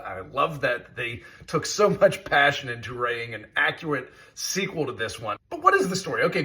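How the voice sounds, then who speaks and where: A man's voice: on the high side, bright, forceful tone. A man giving an enthusiastic, chatty review of a video game. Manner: enthusiastic, chatty, with scoring asides. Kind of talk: casual review commentary.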